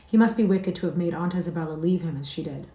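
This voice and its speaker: A woman's voice: fairly low pitch, quick pace, dark tone, distant mic, lightly acted. A woman voicing a spirited, hot-tempered young girl who speaks pertly, in an echoey room. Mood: indignant. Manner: pert, emphatic.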